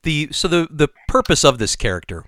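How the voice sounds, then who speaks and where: On the high side with big swings in pitch, this man's slightly bright voice moves briskly as he co-hosts a podcast. He works through his points thoughtfully, one step at a time, in a casual discussion captured in a clean, dry studio.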